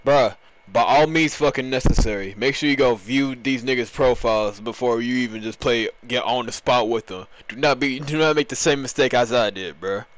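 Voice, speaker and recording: A young man giving raging, profane gameplay commentary, yelling in frustration and then dropping to low muttering. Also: normal speed, a little hiss or hum. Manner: swings between loud outbursts and low muttering. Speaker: gamer.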